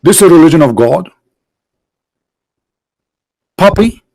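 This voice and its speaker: A man's voice: a little high, lively intonation, moderate pace, darkish tone, dry recording, rough recording. A man hosting a livestream debate, mocking and sarcastic, firing off rhetorical questions in non-native English.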